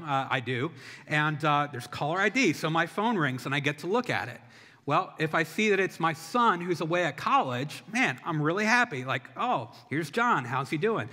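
Bright-voiced man preaching in a hall. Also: on the high side. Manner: storytelling, conversational with humor. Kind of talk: sermon. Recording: long reverb of a large hall.

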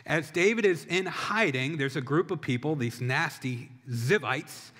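A middle-aged man delivers a sermon with a bright, slightly high voice, telling the story in an easy conversational way. His words ring out with the long reverb of a large hall. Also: expressive, a little slow.

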